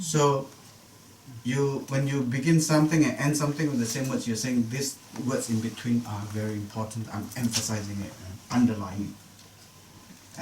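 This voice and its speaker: A man's voice: mid-range voice, distant mic. A man leads a live Bible study class, explaining the text patiently and repeating key phrases to drive them home. He is picked up from across a roomy classroom, with a faint hiss underneath. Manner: explanatory, repeats phrases for emphasis, occasional humor. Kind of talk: unscripted Bible class lecture.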